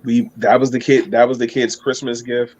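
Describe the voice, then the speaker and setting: Husky-voiced man rambling through a story. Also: mid-range voice, flat delivery, moderate pace, darkish tone, lo-fi sound. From Maryland. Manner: rambling storyteller, swears, laughs at himself. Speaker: guest. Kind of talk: casual chat.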